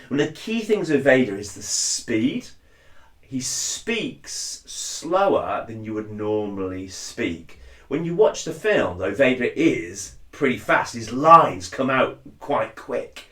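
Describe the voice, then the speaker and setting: In an echoey room, a cosplayer gives a casual spoken tutorial on a voice technique, chatting as he demonstrates and dropping into deep impressions of lines. His voice is fairly bright and sing-song, and he speaks slowly.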